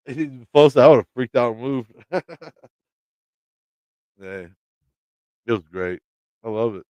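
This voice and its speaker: A man with a Midwestern American accent talks straight to his live chat, rambling through a story, cursing casually and laughing as he goes. His voice is smooth and clear at a middling pitch, and the recording is dry and close. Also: takes it slowly, pauses often, no echo. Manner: rambling, swears freely, laughs often. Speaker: channel host talking to live chat.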